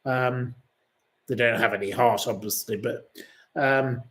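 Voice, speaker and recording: A man's voice: medium pitch, fairly even intonation, measured pace, pauses often, a bit bright. A man hosting a livestream, harshly berating his target and reading viewer comments aloud. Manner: indignant, harsh name-calling, reads viewer comments aloud. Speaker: livestream host.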